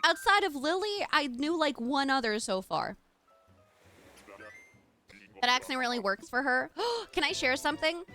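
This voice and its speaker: A bubbly young woman streamer chatting with her viewers between gameplay. Her voice is bright and fairly high, swooping up and down with lively energy as she gushes her thanks. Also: measured pace, pauses often, faint music behind. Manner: bubbly, gushing, thanks chat warmly. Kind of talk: casual live-stream chat.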